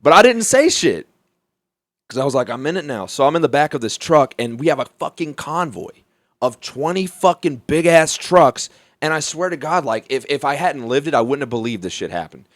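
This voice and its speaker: A young man from Alabama, a comedian guest telling a story in a profane, animated way, laughing as he goes. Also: on the high side, moderate pace, dry recording, studio quality. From Mobile, Alabama, US. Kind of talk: casual storytelling.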